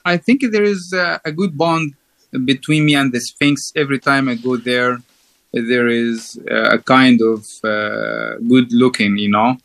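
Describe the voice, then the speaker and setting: Man speaking halting, filler-heavy English. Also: medium pitch, fairly even intonation, gravelly, a bit bright. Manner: halting, many fillers and restarts. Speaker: guest guide. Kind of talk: casual interview chat.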